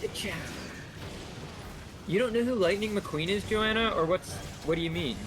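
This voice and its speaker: Animated storyteller man with a higher voice. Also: brisk, noisy background. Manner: animated storyteller who mimics people. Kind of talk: casual storytelling chat.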